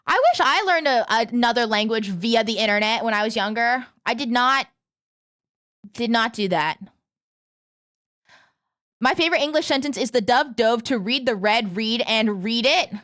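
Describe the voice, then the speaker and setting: A young woman chats on a livestream, her voice sitting a little high. She exclaims, swears and mock-rants playfully at her chat. The sound is close and dry, with no room in it. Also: normal speed, pauses often, fairly bright tone, no echo. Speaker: streamer. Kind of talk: casual livestream chat, reacting to chat.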